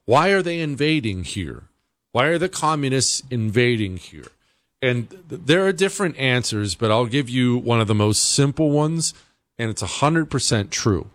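A man's voice: mid-range voice, animated, moderate pace, a bit bright, dry recording. A man hosting a talk show, giving an emphatic, conversational political commentary monologue.

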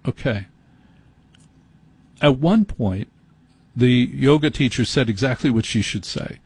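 A man's voice: mid-range voice, normal speed, darkish tone, slightly rough, no room sound. A man hosting a late-night call-in radio show, telling a rambling, self-deprecating story. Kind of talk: rambling comic monologue. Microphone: studio microphone.

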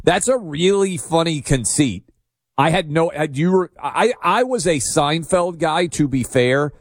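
A man's voice: a little high, lively intonation, measured pace, no echo. A man hosting a radio talk show, taking calls in a friendly, rambling way with frequent restarts.

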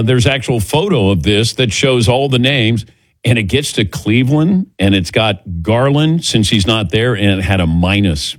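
A man's voice: on the low side, no room sound. Middle-aged male radio host, casual storyteller, dry close mic. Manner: storytelling, acts out quoted voices. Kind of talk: casual sports radio chat.

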